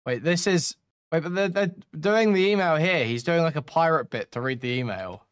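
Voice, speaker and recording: A man's voice: fairly high pitch, moderate pace, clean tone. A man reacting to a stream clip in casual commentary, laughing and swearing freely.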